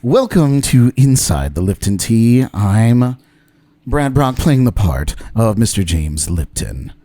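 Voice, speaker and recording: A man hosting a show, putting on a slow, soothing interviewer voice for a spoof segment. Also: medium pitch, sing-song, dark tone, dry recording. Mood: mock-formal. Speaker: host. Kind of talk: mock interviewer impression.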